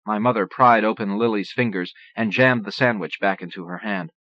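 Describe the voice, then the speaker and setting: A male audiobook narrator with a low voice reads in a steady, measured way. The sound is dry, with no room around it. Its muffled, lo-fi tone recalls old cassette audio. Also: dry recording.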